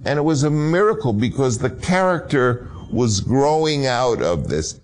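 Male filmmaker telling an animated anecdote. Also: mid-range voice, measured pace. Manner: animated, acts out voices in anecdotes. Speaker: filmmaker, interviewee. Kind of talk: anecdotal storytelling.

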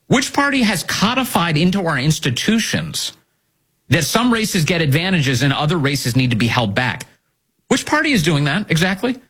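A man's voice: fairly high pitch, a bit bright, husky. A male host delivering opinionated commentary, indignant and firing off rhetorical questions.

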